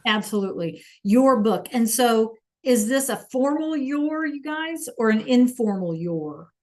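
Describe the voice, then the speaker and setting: Lady teaching spanish online, slow easy pace, cheers the class on, video call mic. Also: on the high side, animated, a little mellow. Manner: encouraging, asks students to answer in chat.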